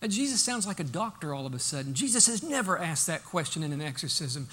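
Bright, high-voiced male preacher. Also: big pitch swings, quick pace. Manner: emphatic, swings from loud to hushed, acts out Bible quotes. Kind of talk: sermon.

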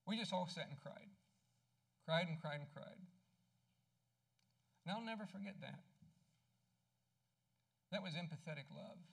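A man preaching a sermon in a conversational way, asking his congregation questions and dropping soft and low when he tells personal stories. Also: expressive, measured pace, vocal fry, pauses often. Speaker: pastor.

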